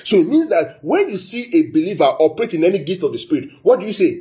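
A man's voice: high voice, quick pace, hardly any pauses. A man from Nigeria preaching a sermon, repeating phrases and quizzing his listeners. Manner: lively, asks the audience questions, repeats phrases.

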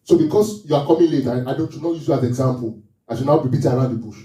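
A man's voice: mid-range voice, rapid-fire, dark tone, far from the mic. Man preaching in an echoey church. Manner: call-and-response preaching, repeating phrases, rhetorical questions. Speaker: pastor. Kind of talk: sermon.

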